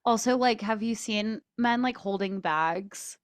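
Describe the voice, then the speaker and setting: A woman's voice: medium pitch, unhurried, no echo. A young woman co-hosting a podcast, chatting casually and playfully with plenty of "like" fillers and casual swearing. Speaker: podcast co-host. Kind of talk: casual chat.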